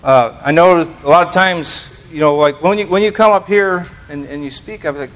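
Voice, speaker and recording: A man's voice: fairly high pitch, a little fast, fairly bright tone. An American man giving an informal sermon to a small congregation, rambling and self-deprecating, full of fillers and restarts. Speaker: lay preacher.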